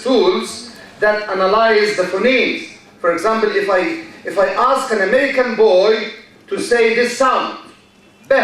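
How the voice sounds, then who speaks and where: A man giving a university lecture in a large hall, speaking slowly, repeating key phrases and quizzing his students. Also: high-pitched, a bit bright. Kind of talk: classroom lecture. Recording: echoey hall from far off.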